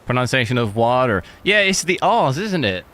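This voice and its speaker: Chatty streamer with a bright voice. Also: male voice, mid-range voice, sing-song, normal speed. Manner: rambling, chatty, answers viewer chat. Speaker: gaming streamer. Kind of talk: casual live-stream chat while benchmarking.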